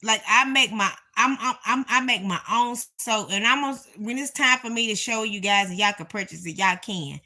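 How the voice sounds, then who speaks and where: A woman's voice: on the high side, normal speed, hardly any pauses. A woman hosting a casual video from her home, talking emphatically to her viewers. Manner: animated, emphatic, speaks in Southern-style vernacular. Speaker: reaction video host. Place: home, indoors. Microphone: phone or camera nearby.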